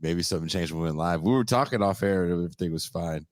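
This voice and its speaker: A man's voice: low voice, fast, no room sound. A man hosting a podcast, joking around and introducing a guest in casual chat. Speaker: podcast host.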